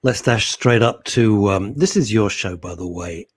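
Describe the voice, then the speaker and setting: A man's voice: lowish voice, lively intonation, unhurried, breathy edge. A middle-aged man, hosting live talk radio and reading out listener comments in a playful, teasing way. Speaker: radio show host.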